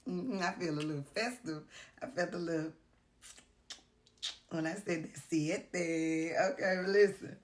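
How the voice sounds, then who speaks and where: A woman talks to her camera in a heartfelt, confessional vlog. Her voice sits low and unhurried, and she sounds tired and worn out, pausing often with fillers as she speaks earnestly. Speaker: vlogger. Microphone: camera mic.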